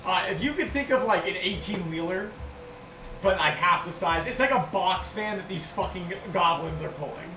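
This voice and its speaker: A man's voice: high-pitched, animated, normal speed, reverberant, distant mic, over music, rough recording. A man narrating a tabletop game as game master, rambling and swearing freely.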